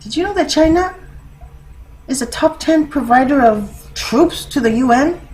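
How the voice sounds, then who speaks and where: A woman's voice: high voice, animated, a little slow, darkish tone, poor audio. A woman vlogger talking in a casual, rambling monologue, laughing often and using many fillers.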